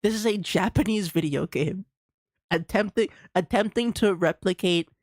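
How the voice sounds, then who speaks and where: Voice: mid-range voice, moderate pace, dry recording, clean studio sound. A streamer with a Bermudian accent giving casual gameplay commentary, ranting in exasperation and laughing often.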